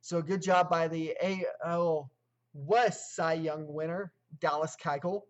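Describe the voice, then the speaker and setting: A man's voice: fairly high pitch, steady tone, takes it slowly. A man hosting his own sports show, reading game statistics in clipped lists and then giving emphatic opinions. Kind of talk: solo sports commentary livestream.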